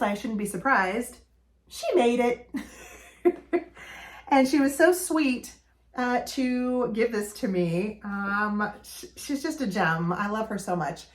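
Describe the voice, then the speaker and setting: Chatty woman hosting a vintage haul. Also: medium pitch. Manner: chatty, enthusiastic, with many fillers. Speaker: vlog host. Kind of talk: casual shopping haul talk.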